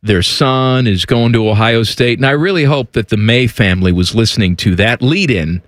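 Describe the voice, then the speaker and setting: A man's voice: medium pitch, normal speed, no echo. A man co-hosting a sports podcast in casual, joking banter. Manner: joking, animated, jumps between goofy voices. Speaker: podcast co-host.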